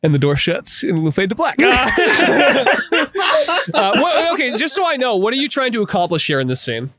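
A man's voice: very high-pitched, wildly swooping pitch, moderate pace, bright, forceful tone, no echo. A young man running a tabletop horror game as game master, hesitant and full of fillers, breaking into laughter.

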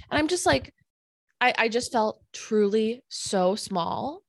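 A young woman co-hosting a podcast, telling a story in a casual, animated way, full of fillers and acted-out quotes. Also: fairly high pitch, takes it slowly, gravelly, no echo. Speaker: podcast co-host.

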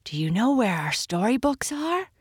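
A woman voicing a nervous, lost young princess who speaks timidly and softly. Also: on the high side, sing-song, normal speed, husky, no room sound, clean studio sound, pitched above the performer's own voice. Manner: timid, hushed.

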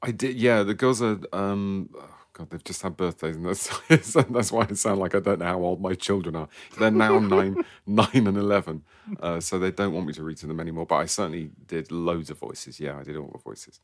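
Guest author, man, forties; deep voice, self-mocking, stop-start phrasing, dry studio mic. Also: no room sound. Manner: self-deprecating, wry, halting restarts. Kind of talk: casual interview chat.

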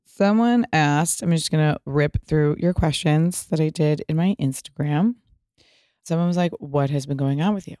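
A woman's voice: low-pitched, fairly quick, no room sound, clean studio sound. A woman in her thirties from California, hosting a podcast and telling a story in casual chat, swearing freely and acting out what people said. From Pasadena, California. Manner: animated storyteller, swears freely, acts out quotes. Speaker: podcast host.

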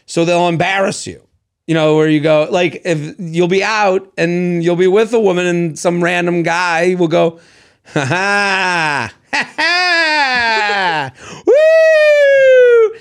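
A man co-hosting a podcast in casual chat, animated and quick to slip into goofy voices. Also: sits high, creaky. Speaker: podcast co-host.

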